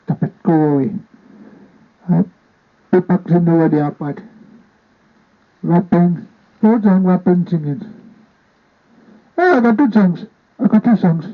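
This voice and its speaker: This vlogger has a high voice and talks at a measured pace, pausing often. Holding a handheld mic, he rambles playfully and repetitively to a partner off camera, and the recording sounds tinny, like a phone.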